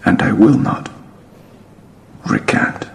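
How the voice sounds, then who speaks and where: An actor playing a defiant male reformer on trial, declaring his stand slowly and solemnly, heard from a film clip played in a reverberant hall. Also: natural voice. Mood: solemn defiance. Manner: slow, solemn, deliberate declaration.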